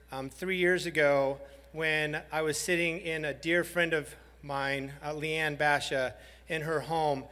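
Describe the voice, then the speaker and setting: A man, a high school principal, giving a heartfelt banquet speech and telling a story with some halting pauses. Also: pushed and bright. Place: large banquet hall. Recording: hall reverb.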